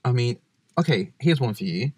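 A man's voice: medium pitch, expressive, normal speed, a little mellow, husky, no echo. A man in casual chat who tells stories animatedly and acts out the people he quotes.

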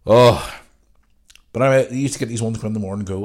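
A man hosts his podcast alone, rambling through a loose, foul-mouthed rant. He is fighting off a cold, and his voice sits on the low side. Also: fast, darkish tone. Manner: ranting, sweary, loose and rambling. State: has a cold. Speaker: podcast host. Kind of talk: casual solo podcast rant.

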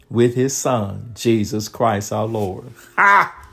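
A male preacher giving a sermon, reading scripture verses slowly and breaking in with exclamations and calls to his listeners. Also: mid-range voice, wildly swooping pitch, vocal fry, a bit bright.

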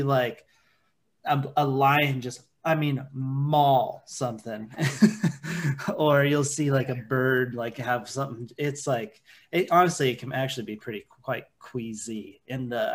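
A man at mid pitch co-hosts a relaxed podcast conversation. His delivery is loose and rambling, leaning heavily on filler words as he describes things. The feel is easygoing and informal. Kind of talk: casual chat.

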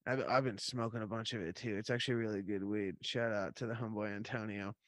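A man in casual chat, laid-back and swearing, telling a drawn-out anecdote. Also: on the low side, fairly even intonation, fairly bright tone, dry recording.

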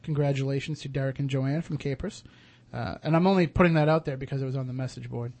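A man's voice: mid-range voice, fairly even intonation, fast, darkish tone. A man hosting a radio talk show, chatting casually with many fillers and restarts.

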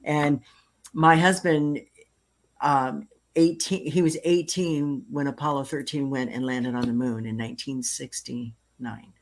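A woman's voice: extremely low pitch, steady tone, unhurried. An older woman hosting a casual interview, telling a story and laughing at her own jokes. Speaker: host.

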